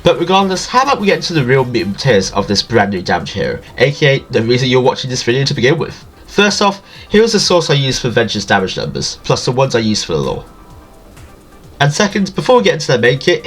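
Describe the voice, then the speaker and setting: A man's voice: medium pitch, very animated, fast talker, a bit bright, soft background music. A man with a nasal, allergy-stuffy voice reading a scripted gaming guide as a voice-over, jokey and self-deprecating. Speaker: video game guide creator.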